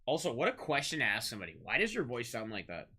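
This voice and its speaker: A man hosting a live-streamed trading card break, rattling off pulled cards, shouting out big hits and bantering with chat. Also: mid-range voice, wildly swooping pitch, husky. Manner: rapid-fire calling of card names, shouting big hits; chatty, teasing banter with chat.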